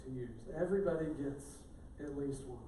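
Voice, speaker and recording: A man's voice: medium pitch, fairly quick, dark tone, slight background noise. Man preaching in an echoey church. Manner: conversational, joking asides. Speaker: pastor. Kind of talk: sermon. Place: church sanctuary. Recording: echoey church room, distant mic.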